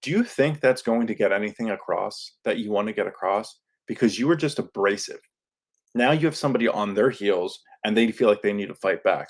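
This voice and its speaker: A man hosting a podcast, talking casually in a lively monologue and acting out quoted lines in his own voice. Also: lowish voice. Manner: animated, acts out quoted lines; self-described yelling into a microphone. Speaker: podcast host. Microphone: studio microphone.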